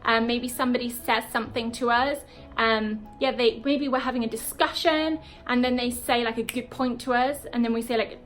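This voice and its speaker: A young British woman with a British accent teaching English in a chatty way, with frequent "um" and "okay" and slow demonstrations of words. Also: a little high, soft background music. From Britain. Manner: chatty, frequent ums and okays, slow deliberate word demos. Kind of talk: online English lesson.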